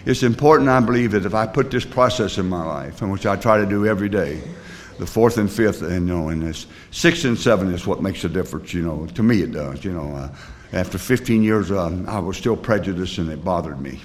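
A man's voice: low voice, fairly quick, slight background noise. A man sponsoring others in recovery, telling a personal story in a folksy, rambling way, with plain rural grammar and many fillers.

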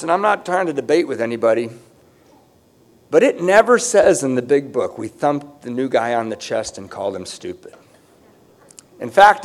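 Man, middle-aged, conference speaker sharing his testimony; slightly higher pitch, wry and conversational. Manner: conversational, self-mocking storytelling, sometimes raising voice for emphasis. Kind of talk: personal testimony talk.

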